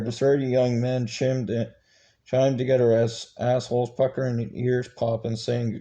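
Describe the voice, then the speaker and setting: Halting man reading a book aloud. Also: medium pitch, flat delivery, dark tone, highs cut off. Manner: halting, stumbling reading with many restarts. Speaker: channel host reading a book.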